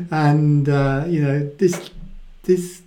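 A man giving a casual, animated Bible talk and often acting out the quoted voices in it. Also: on the high side. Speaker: Bible teacher. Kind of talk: conversational Bible teaching.

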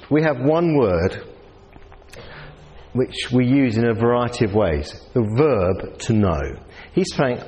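Lively New Zealand preacher in a hall. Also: male voice, medium pitch. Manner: conversational, asks the audience questions. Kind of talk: sermon. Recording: reverberant hall.

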